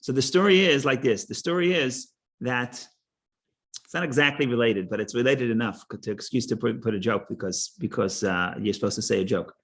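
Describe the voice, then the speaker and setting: A man teaching a Torah class, halting, repeating words and restarting, and explaining with stories and jokes. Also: mid-range voice, fairly bright tone.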